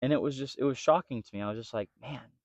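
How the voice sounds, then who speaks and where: A man's voice: mid-range voice, very fast, no room sound, highs cut off. A young man co-hosting a podcast, telling a story in casual chat and quoting people along the way. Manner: storytelling, animated quoting of others. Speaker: podcast co-host.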